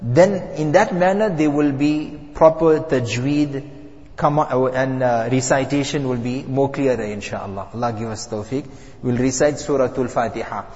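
A man teaching a lesson on Quran pronunciation, telling stories with chuckles and demonstrating letters slowly. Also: mid-range voice, darkish tone. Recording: dull reverberant hall recording.

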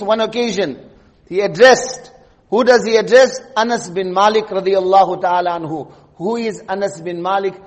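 Male preacher, very high voice, emphatic sermon delivery with repeated lines, long hall reverb. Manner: emphatic, rhetorical questions, repeats key phrases. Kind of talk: Friday sermon.

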